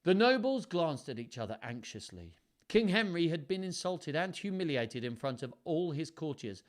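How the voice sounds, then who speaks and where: Man, storytime host, playful asides, lively up-and-down voice, fairly high. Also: moderate pace. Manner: playful, chatty, self-mocking asides. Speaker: storyteller hosting a livestream. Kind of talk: live read-aloud with chat to viewers.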